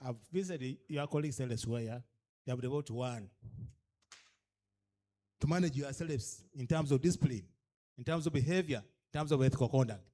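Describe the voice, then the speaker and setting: At normal speed but pausing often, a man with a mid-range, warm voice and a Ugandan accent addresses cultural leaders as guest speaker at a leadership orientation. His talk is emphatic and full of rhetorical questions, switching between English and a local language.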